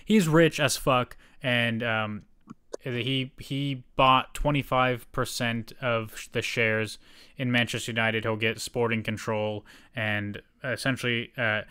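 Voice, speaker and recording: A man's voice: medium pitch, steady tone, takes it slowly, pushed and bright, clear, resonant tone. Male co-host, casual chat, heated and profane. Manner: swears often, ranting. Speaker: podcast co-host.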